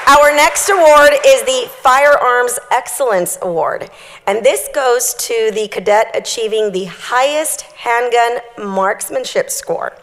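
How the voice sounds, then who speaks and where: A woman's voice: fairly high pitch, slow, a bit bright, a faint crowd. A woman hosting a ceremony, announcing awards in an upbeat, friendly way. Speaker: ceremony emcee. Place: large hall. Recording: reverberant hall.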